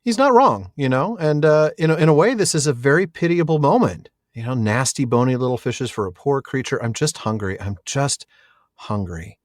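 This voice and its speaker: A man's voice: a little high, animated, fairly quick, hardly any pauses, no room sound, clean studio sound. A man co-hosting a podcast, discussing a book with enthusiasm and easy laughter. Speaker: podcast co-host.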